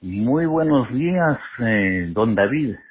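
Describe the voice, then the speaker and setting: A man calling in to a show by phone, courteous and halting, with frequent fillers. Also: mid-range voice, lively intonation, slightly rough. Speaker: caller. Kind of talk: phone call-in. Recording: tinny phone line.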